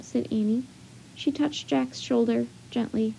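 Breathy, high-voiced woman storyteller. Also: steady tone, a little slow, warm tone, lo-fi sound. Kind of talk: children's book read-aloud.

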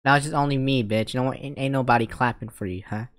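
A woman giving loud, profane, mocking commentary while reacting to a video, often laughing. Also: very deep voice, fast talker, no room sound, clean studio sound.

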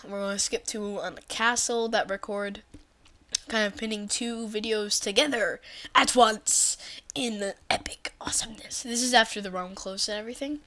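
A woman giving goofy, rambling gameplay commentary, often dropping into whispered asides and bursting into excited shrieks. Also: medium pitch, normal speed. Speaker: let's play commentator.

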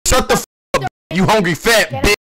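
A drunk man streaming a shooter game, loudly taunting and cursing at other players. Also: sits high, sing-song, moderate pace, a crowd in the background. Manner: loud, profane, taunting. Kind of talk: live gameplay trash talk.

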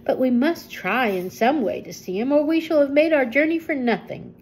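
A woman's voice: high voice, normal speed, darkish tone, voice pushed up, close to an everyday voice, low-quality recording. An older woman voicing a polite, earnest young farm girl in a storybook reading.

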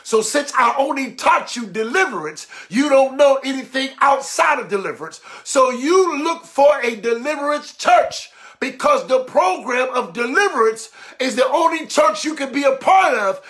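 Brief: lively male preacher, high bright voice, acts out examples. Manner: animated, mimics voices, laughs. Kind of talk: sermon.

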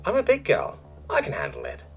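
A man's voice: lowish voice, huge pitch swings, a little fast, a bit bright, soft background music, full character voice. A man voicing a stubborn young female cat-like alien with a teasing, cooing manner. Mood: smug.

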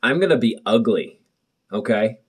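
A man's voice: on the low side, lively intonation, normal speed, slightly rough. A young man vlogging at home in his bathroom, nervous and rambling, joking to the camera, recorded on a muffled built-in camera mic. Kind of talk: casual chat to camera.

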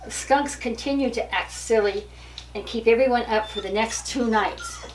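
A woman's voice: fairly high pitch, normal speed, roomy sound. An older woman reading a picture book aloud to her grandchildren. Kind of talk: storybook read-aloud. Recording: distant mic with faint hiss.

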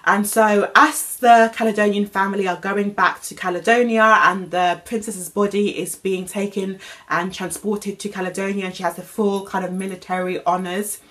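A woman's voice: mid-range voice, fairly even intonation, normal speed, few pauses, a bit bright. Chatty young woman recapping. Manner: chatty and rambling, many fillers and restarts. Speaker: TV recap vlogger. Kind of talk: casual TV episode recap.

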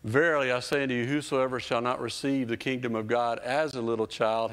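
A man's voice: medium pitch, fairly even intonation, a little fast, hardly any pauses, a bit bright. A man in his fifties preaching a sermon as a children's pastor, emphatic and repetitive, building in intensity. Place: church stage. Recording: reverberant church hall.

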